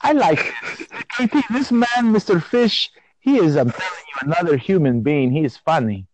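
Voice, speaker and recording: A male host asking curious questions in casual chat, with halting, slightly non-native phrasing. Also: fairly high pitch, expressive, a crowd in the background, poor audio.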